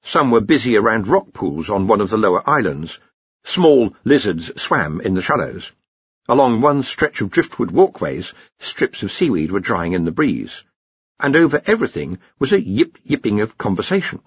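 Lively, husky male audiobook narrator. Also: on the low side, moderate pace, no echo. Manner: expressive storytelling. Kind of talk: scripted narration. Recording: dry, slightly muffled recording.

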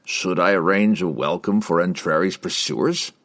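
A man's voice: deep voice, moderate pace, a bit bright. A man reading the part of a wry wizard who speaks from a crystal ball, eager to serve.

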